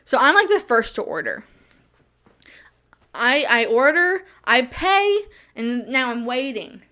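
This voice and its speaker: A woman's voice: sits high, big pitch swings, takes it slowly, pushed and bright. A young woman hosting a podcast, telling a story in a casual monologue, dramatic and laughing often as she repeats phrases for emphasis. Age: young adult. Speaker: podcast host.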